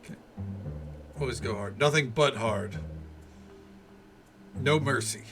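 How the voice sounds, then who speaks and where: A man's voice: mid-range voice, slow pace, over music. A man streaming a video game, chatting casually and muttering asides. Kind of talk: gameplay commentary.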